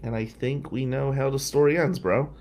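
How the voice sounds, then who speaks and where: A male podcast host telling a personal story in an animated way, swearing freely and loudly acting out what others said. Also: medium pitch, moderate pace, slight background noise.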